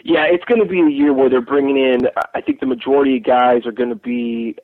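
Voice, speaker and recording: A man's voice: medium pitch, steady tone, brisk, no echo. A man chatting about football recruiting on a podcast, rambling, with plenty of restarts. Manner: rambling, with many fillers and restarts. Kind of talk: casual podcast chat. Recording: tinny phone line.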